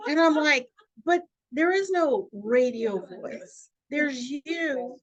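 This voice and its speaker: Radio host woman with a high, bright-pitched voice, talks freely and emphatically. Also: slow, no echo, lo-fi sound. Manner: emphatic, free-flowing, animated. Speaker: radio host and network owner. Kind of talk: casual interview talk.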